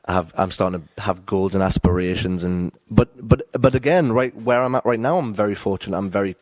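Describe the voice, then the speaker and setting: An English man speaks as a podcast guest in a slightly low, dry voice. He talks haltingly and softly, often restarting his sentences. The tone stays hesitant and unsure. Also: dry recording. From England. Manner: hesitant, soft-spoken, self-doubting, many restarts. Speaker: wrestler guest. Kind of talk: casual podcast interview.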